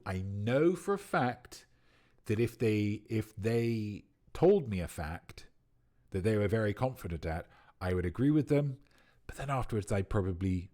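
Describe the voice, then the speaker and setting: A man's voice: fairly low pitch, darkish tone. A man hosting a quiz livestream, riffing playfully and at length on viewers' answers. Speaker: quiz host.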